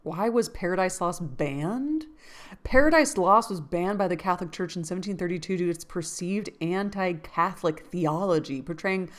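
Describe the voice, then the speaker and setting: Give me a woman with a fairly low voice, reading a novel aloud casually and breaking off for playful comments. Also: moderate pace. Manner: reads aloud, stops to look things up and muse; laughs to herself, jokey asides. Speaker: book-club host.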